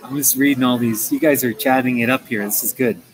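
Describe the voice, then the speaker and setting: A man's voice: medium pitch, fairly even intonation, a little fast, soft background music, poor audio. An American man chatting casually on a livestream, rambling with lots of restarts and fillers. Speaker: livestream host. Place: coffee shop. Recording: faint café ambience.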